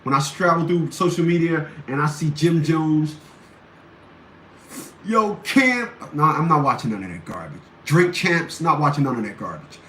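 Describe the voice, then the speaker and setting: Talking a little fast with few pauses, a male show host with a fairly bright voice on the high side delivers blunt, combative ranting. He repeats phrases to hammer his points, and the recording carries roomy echo and faint background noise.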